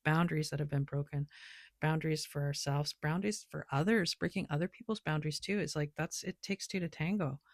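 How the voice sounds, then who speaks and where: A woman's voice: low voice, fairly even intonation, brisk, no room sound, clean studio sound. A woman who reads tarot and oracle cards, talking loosely and rambling with lots of filler words in a casual spiritual vlog. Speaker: tarot and oracle card reader.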